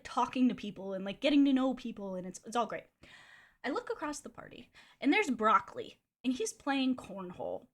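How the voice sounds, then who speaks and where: A woman's voice: fairly high pitch, big pitch swings, brisk. A young adult woman streamer telling a personal story in a candid, chatty way, swearing freely and filling with "like". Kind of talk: casual storytelling.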